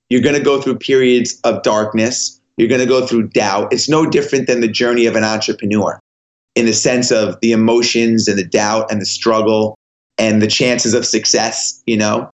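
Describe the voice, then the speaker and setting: A man being interviewed, telling a story with energy and acting out the other voices in it. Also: mid-range voice. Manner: animated, acts out dialogue in voices. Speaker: guest. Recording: slightly dull lo-fi audio.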